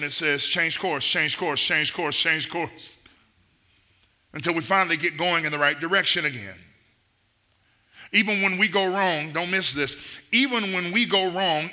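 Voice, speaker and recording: A middle-aged man delivers a sermon in a church with emphatic, repeating cadences. His voice is very bright and forceful, sitting a little high for a man. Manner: emphatic preaching with repeated phrases. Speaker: pastor.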